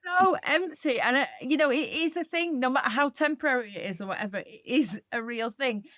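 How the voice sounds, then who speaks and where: A woman's voice: high-pitched, brisk, a bit bright, no echo, studio quality. Laughing woman telling a story. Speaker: podcast co-host. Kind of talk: casual chat.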